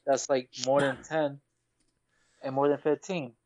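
A man's voice: medium pitch, flat delivery, a little mellow. Joking man with a dull lo-fi sound. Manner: joking, halting questions with restarts. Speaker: podcast co-host. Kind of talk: casual chat.

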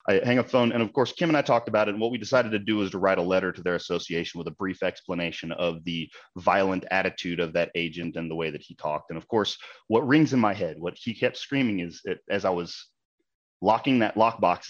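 Male realtor, casual anecdote, quick delivery, slightly low voice, muffled lo-fi recording. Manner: animated, heated retelling with quoted exchanges. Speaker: realtor, local board president. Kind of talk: casual storytelling.

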